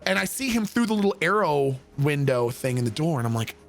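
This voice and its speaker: A man streaming a game, telling a long rambling story in a casual, profane, animated way. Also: a little high, brisk, creaky, faint music behind.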